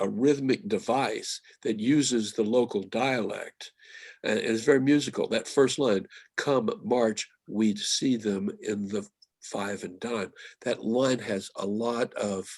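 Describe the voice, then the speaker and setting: A man's voice: fairly low pitch, darkish tone, breathy edge, dry recording. An older man with a Western Pennsylvania accent, a guest poet talking thoughtfully about verse and dialect on a video call. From Mon Valley, Pennsylvania. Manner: thoughtful, measured, quoting lines slowly. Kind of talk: reflective talk on poetry.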